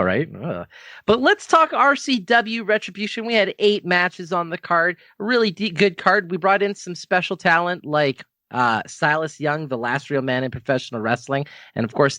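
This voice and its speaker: A man's voice: fairly high pitch, animated, moderate pace, sharp tone, no room sound, clean studio sound. A man from Canada hosting a podcast, chatting casually about wrestling, laughing often and rambling into asides. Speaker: podcast host. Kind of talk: casual wrestling review chat.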